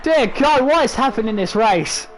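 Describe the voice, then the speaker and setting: Excitable high-voiced young British man. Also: normal speed, soft background music, low-quality recording. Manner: excitable, exclaiming, laughing at crashes. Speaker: race commentator. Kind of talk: sim racing commentary.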